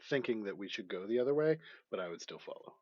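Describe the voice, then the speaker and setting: A man's voice: on the low side, animated, quick pace, slightly rough, no room sound. A man playing in a tabletop game, speaking hesitantly in casual chat. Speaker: player. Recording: dry muffled mic.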